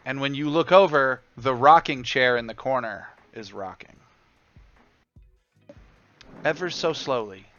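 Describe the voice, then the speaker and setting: A man narrating as game master in a casual, halting way. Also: medium pitch, bright, forceful tone, no echo, muffled recording.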